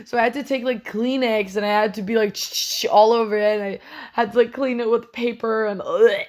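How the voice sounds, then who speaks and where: A woman's voice: a little high, steady tone, a little fast, darkish tone. A young woman hosts her own podcast alone, telling stories in a loose, rambling way. She swears freely and keeps correcting herself mid-sentence. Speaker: podcast host. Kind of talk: casual solo podcast chat.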